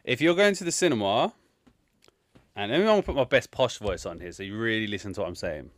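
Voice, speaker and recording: Profane, excitable man. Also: on the low side, brisk, no echo, clean studio sound. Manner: profane, excitable, jumps to loud outbursts. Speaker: film review podcast co-host. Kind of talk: casual chat.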